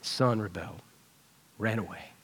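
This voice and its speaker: A man's voice: on the low side, unhurried, a bit bright, husky. A man preaching a sermon in a church, conversational and earnest as he retells a personal story. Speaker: pastor. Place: church sanctuary.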